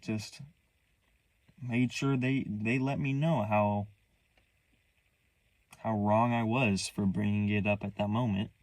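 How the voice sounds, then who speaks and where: A young man telling a painful personal story in a candid, halting way, restarting sentences, earnest and hurt. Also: fairly low pitch, fairly even intonation, a little mellow, no echo. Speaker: vlogger.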